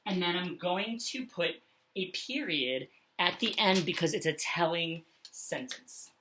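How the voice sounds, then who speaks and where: A woman teaching punctuation to young children in a slow, sing-song voice, often checking in with "okay?". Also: on the low side, lively intonation, a bit bright, a little hiss or hum. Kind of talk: classroom lesson for children.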